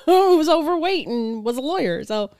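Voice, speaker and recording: A woman's voice: high-pitched, lively intonation, normal speed, a little mellow. Profane laughing woman podcast storyteller. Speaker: podcast co-host. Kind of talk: casual chat, storytelling.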